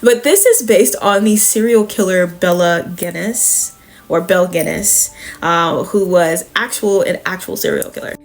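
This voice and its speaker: A woman's voice: on the low side, unhurried, faint music behind. Chatty woman recapping a comic. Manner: chatty, profane, full of fillers. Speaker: comic review podcast host. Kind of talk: casual comic book recap.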